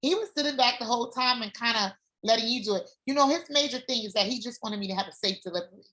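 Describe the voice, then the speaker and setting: Candid bright-voiced woman guest. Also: on the high side, fast. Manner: animated, candid, swears freely, repeats herself. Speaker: former doula client, guest. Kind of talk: personal storytelling in casual chat.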